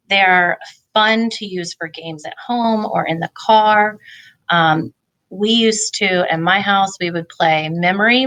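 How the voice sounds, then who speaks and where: A woman's voice: fairly low pitch, a bit bright, rough recording. A woman presenting a reading lesson for parents, explaining in a friendly way with the odd filler. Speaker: family literacy presenter. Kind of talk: instructional talk for parents.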